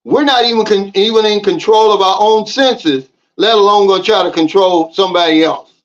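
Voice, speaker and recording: A man's voice: high voice, a little fast. A man from the United States talking casually to his viewers, giving emphatic, preachy advice straight to camera. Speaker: vlogger. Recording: slightly dull lo-fi audio.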